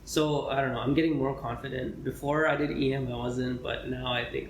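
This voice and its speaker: A young man, a medical student co-hosting a podcast, chatting casually and rambling with lots of fillers and throat clearing. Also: medium pitch, steady tone, fairly quick. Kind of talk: casual chat. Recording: echoey room with faint noise.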